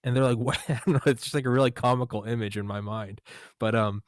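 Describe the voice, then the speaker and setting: A man's voice: mid-range voice, quick pace, dry recording, studio quality. A man hosting a casual interview chat, telling stories and acting out quotes with a raised voice, swearing casually. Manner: animated, acts out quotes in a raised voice. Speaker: podcast host.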